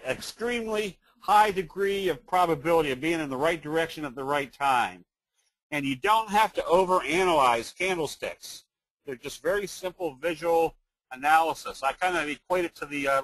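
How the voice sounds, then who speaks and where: Folksy male webinar presenter, slightly high voice, dry close mic, salesy delivery. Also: a bit bright, dry recording, poor audio. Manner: folksy, tells jokes, sales pitch.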